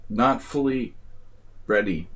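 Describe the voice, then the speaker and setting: A man's voice: fairly low pitch, takes it slowly. A man streaming live chess games and talking through his moves with wry, rambling, grumbling asides. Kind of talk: live-stream commentary while playing.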